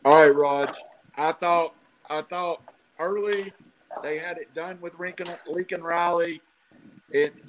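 A man's voice: fairly high pitch, a bit bright, a little hiss or hum. A man hosting a sports discussion, posing questions to his panel with light teasing. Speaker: sports podcast host. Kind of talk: casual sports talk.

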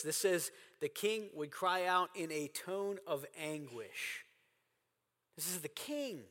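A man's voice: on the high side, a bit bright, long reverb tail. A man preaching a sermon as pastor, earnest and emphatic, repeating phrases for stress. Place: church sanctuary.

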